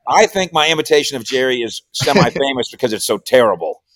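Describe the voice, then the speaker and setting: A man's voice: medium pitch, fast talker, no room sound, studio quality. A man talking sports as a regular radio guest, rambling and repeating himself in casual chat. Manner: rambling, repeats words, animated when quoting. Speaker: sports columnist and podcaster.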